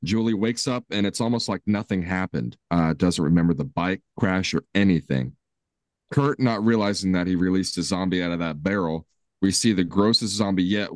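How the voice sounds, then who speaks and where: Male podcast co-host, very low voice, dry close sound, laid-back recapper. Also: dry recording. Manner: laid-back, laughs often while recapping. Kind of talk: casual movie recap chat.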